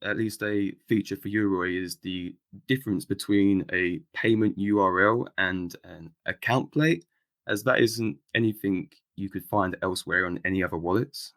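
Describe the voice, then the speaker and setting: Brief: male podcast host, very low voice, polite interview questions with small stumbles. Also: normal speed, a bit bright.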